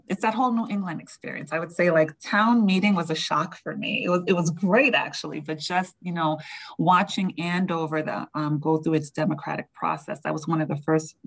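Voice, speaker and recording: A New York woman with a deep voice and a local accent answers interview questions as a school district leader. She speaks conversationally, using frequent fillers, and the recording is rough.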